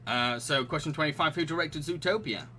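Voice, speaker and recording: With a fairly high, sharp voice and a brisk pace, a man hosts a live-streamed quiz, reading questions and options and chatting giggly with viewers between laughs. Soft music plays in the background.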